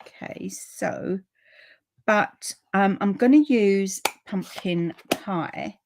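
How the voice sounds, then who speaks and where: A friendly woman talks viewers through a card project on a live stream from a room in her home. Her voice sits at an ordinary middle pitch, and her chat wanders in loose, rambling asides while she reads comments aloud. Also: drawn-out words, creaky, noisy background. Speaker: papercraft demonstrator.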